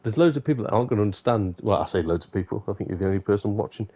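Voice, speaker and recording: Gravelly man chatting over gameplay. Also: fairly low pitch, lively intonation, rapid-fire, warm tone. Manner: chatty, self-mocking, laughs often, mutters to himself. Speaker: gaming streamer. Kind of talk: casual live gameplay commentary.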